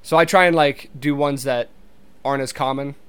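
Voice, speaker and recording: A man's voice: medium pitch, steady tone, normal speed, a bit bright, smooth. Rambling, casual young man. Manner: rambling, swears, many restarts, laughs easily. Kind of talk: casual monologue.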